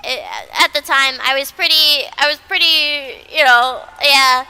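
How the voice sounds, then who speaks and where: Her voice sits high, bright and forceful, and she keeps a measured pace. Chatting casually on her livestream, this VTuber wanders off topic, says things twice, curses freely, and is bluntly self-mocking.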